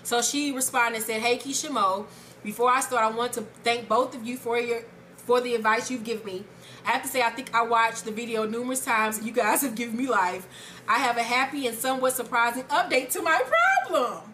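Casting note: upbeat woman advice co-host, bright high-ish voice, loud and swearing freely. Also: a little fast, slight background noise. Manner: animated, profane, exclamatory. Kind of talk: casual advice chat, reading a viewer letter.

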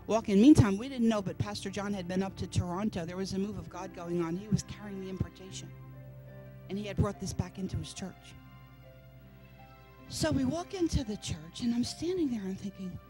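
Woman preaching a lively testimony. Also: mid-range voice. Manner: storytelling, animated, acts out quoted voices. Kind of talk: testimony sermon. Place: church service.

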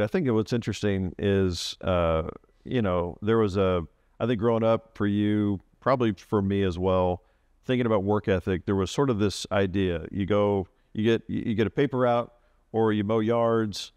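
A man's voice: lowish voice, normal speed, a little mellow, clear, resonant tone, no echo. A middle-aged man co-hosting a podcast, reflecting thoughtfully and thinking aloud with fillers like "sort of" and "you know.". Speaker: co-host. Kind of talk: casual podcast talk.

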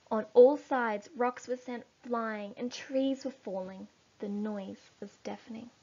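A woman teacher reading a children's story aloud for a lesson, slow and expressive. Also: fairly high pitch. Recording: dull lo-fi recording.

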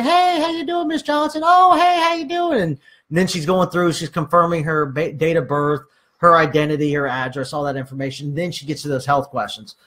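A man's voice: fairly high pitch, fairly bright tone. A man giving casual sales training, acting out conversations with clients and using many fillers.

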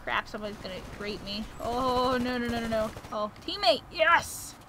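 A woman's voice: on the high side, normal speed, slight background noise. A woman hosting a gaming channel, giving casual, jokey play-by-play commentary and yelping whenever she is in danger. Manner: excitable, jokey, yelps when in danger.

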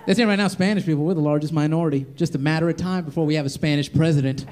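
A man's voice: on the high side, steady tone, racing, a little mellow. A young man doing a stand-up comedy set in a club, brashly teasing the audience and acting out characters. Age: young adult. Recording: live club audio with crowd laughter. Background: audience laughing.

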